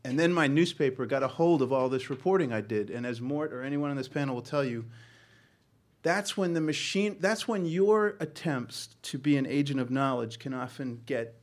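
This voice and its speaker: Halting, earnest middle-aged man. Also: medium pitch, animated. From Boston. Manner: earnest, halting storytelling with many ums and restarts. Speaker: newspaper journalist on a panel. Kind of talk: personal story told to a panel.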